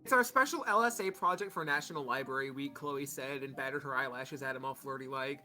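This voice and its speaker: A man's voice: fairly high pitch, fairly even intonation, fairly quick, bright, forceful tone, soft background music. A young man reading a children's book aloud to friends on a call, stumbling, restarting and breaking off to joke.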